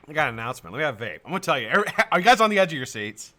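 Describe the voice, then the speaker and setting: A man's voice: fairly high pitch, big pitch swings, rapid-fire, pushed and bright. An American man hosting a live stream in casual chat, greeting viewers by name, swearing and laughing often.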